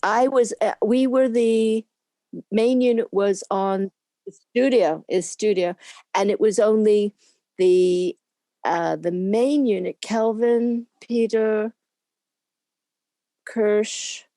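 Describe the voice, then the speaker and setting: A woman's voice: medium pitch, steady tone, slow pace, pauses often, dark tone, no echo, studio quality. An older woman, a camera assistant being interviewed, talking casually and rambling on with frequent laughs. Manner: chatty, rambling, laughs often.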